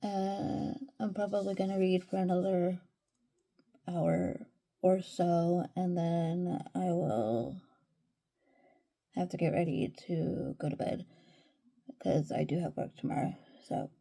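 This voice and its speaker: A woman's voice: on the low side, steady tone, takes it slowly, gravelly, long pauses, mellow. A woman giving casual reading updates in a vlog from home, easygoing and rambling with lots of fillers. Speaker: reading vlogger.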